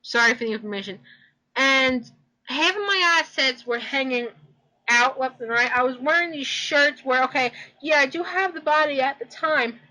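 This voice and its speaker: A woman's voice: high voice, normal speed, pushed and bright, rough recording. A young woman telling a rambling personal story in casual chat, repeating herself and swearing.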